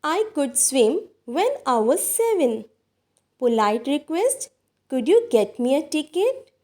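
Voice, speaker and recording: Slow, high-voiced woman teaching grammar. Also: sing-song, mellow. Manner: slow, deliberate, addresses viewers as dear students. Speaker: English teacher. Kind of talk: recorded grammar lesson.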